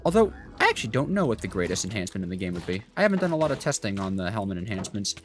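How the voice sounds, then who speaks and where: A man's voice: on the low side, sing-song, rapid-fire, hardly any pauses, noisy background. A young man giving rambling let's play commentary as a gaming YouTuber, chatty with lots of fillers and asides. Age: young adult.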